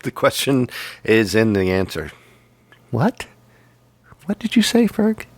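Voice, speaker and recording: Speaking slowly at a medium pitch, a man in his fifties hosts a relaxed podcast chat, telling stories with animation and joking and laughing often. The recording is dry.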